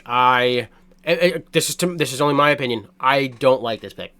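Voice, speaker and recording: A man's voice: mid-range voice, a little fast, clean tone. A man giving a blunt, profane, rambling reaction to a sports draft as a fan, full of restarts and fillers. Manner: excitable, swears a lot, blunt opinions. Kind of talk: casual sports reaction rant.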